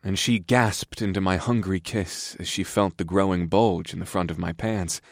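Deep-voiced man narrating a story. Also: fairly even intonation, moderate pace, creaky, no echo, clean studio sound. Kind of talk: first-person story narration.

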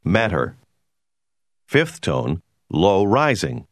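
A man giving a scripted, measured narration for a language course. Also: deep voice, wildly swooping pitch, no room sound, clean studio sound. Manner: measured, explanatory.

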